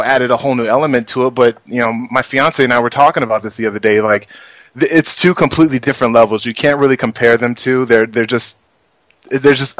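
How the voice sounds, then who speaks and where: A man in a casual movie chat, rambling on with many small restarts and fillers. His pitch sits in the middle and the sound is dry and close. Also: a bit bright, no echo, poor audio. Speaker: podcast co-host.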